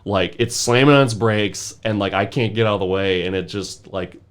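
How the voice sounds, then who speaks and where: A man's voice: lowish voice, normal speed, smooth. A young man telling a wild story as a podcast guest, laughing often and packing his talk with "like". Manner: animated, laughing, full of "like" fillers. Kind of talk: casual storytelling.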